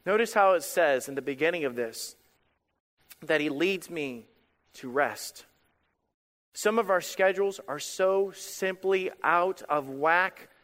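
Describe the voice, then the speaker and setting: A male pastor preaching a sermon in an animated, emphatic way, repeating phrases for effect. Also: a little high, slow pace, in a large hall.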